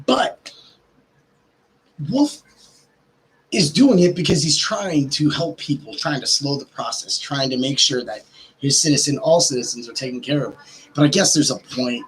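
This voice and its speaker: A man hosting a podcast, ranting casually and swearing, his pitch jumping up when he gets worked up. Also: animated, normal speed, long pauses, low-quality recording. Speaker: podcast host.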